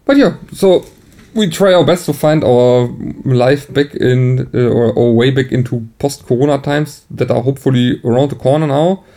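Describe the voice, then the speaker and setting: A man co-hosts a casual podcast. His voice sits in a middle range for a man. He talks in an easygoing, halting way, repeating words as he searches for them and laughing along. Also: medium pitch, dark tone. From Germany. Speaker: podcast co-host. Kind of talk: casual chat.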